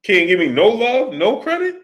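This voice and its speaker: A man hosting a live stream in loose, slangy talk, greeting viewers as "brother" and teasing the chat. His voice sits a little higher than most men's. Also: huge pitch swings, normal speed, fairly bright tone. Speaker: livestream host.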